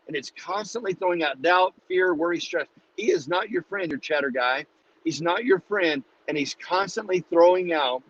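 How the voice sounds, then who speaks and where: Man, Bible study host, casual and preachy, slightly high voice, dull lo-fi stream audio. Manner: casual, energetic, preachy, says "dude".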